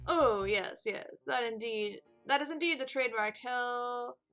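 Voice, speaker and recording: A woman voicing a pompous male elephant who owns a chocolate shop, in a slow, put-on stereotypical European accent. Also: mid-range voice, lively intonation, faint music behind, lightly acted. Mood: grandiose.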